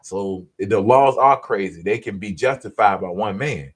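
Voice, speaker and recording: A man's voice: on the low side, a little slow, breathy edge. Laid-back slangy man hosting a podcast. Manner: laid-back, slangy, chatting with live commenters; closes with an upbeat pep talk. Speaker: podcast host. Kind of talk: casual talk to viewers.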